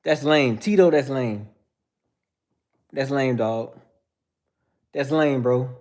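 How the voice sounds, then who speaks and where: A man hosting a livestream, giving blunt, joking commentary and shouting out viewers in the chat. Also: mid-range voice, takes it slowly. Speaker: host.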